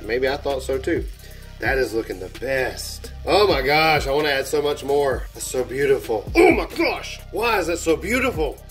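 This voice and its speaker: A man hosting a hands-on craft tutorial, chatting casually and gushing with excitement as he works. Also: medium pitch. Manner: enthusiastic, gushing, exclaims while working. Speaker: airbrush artist and channel host.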